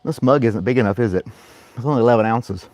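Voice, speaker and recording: A man hosting a casual morning live stream, talking playfully to his dog and catching his breath between bursts of play. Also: fast. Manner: playful baby-talk to his dog, high and loud. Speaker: host.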